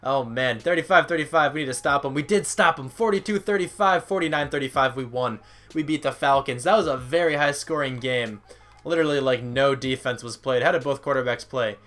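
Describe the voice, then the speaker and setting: With soft music playing in the background, a young male gaming YouTuber gives brisk, casual commentary on a football video game in a medium-pitched, fairly bright voice. He sounds tired, rambles, reads out stats, runs himself down, and his voice cracks at times.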